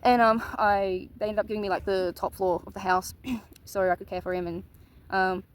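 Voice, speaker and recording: A woman's voice: mid-range voice, little pitch movement, normal speed, clean tone, poor audio. A woman telling a personal story in a casual, candid monologue, swearing casually. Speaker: vlogger.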